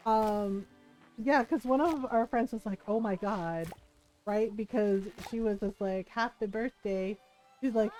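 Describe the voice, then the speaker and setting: High-voiced middle-aged woman gabbing away, laughs a lot, soft music behind. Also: low-quality recording. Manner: chatty storytelling, laughs often. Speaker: streamer. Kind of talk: casual chat.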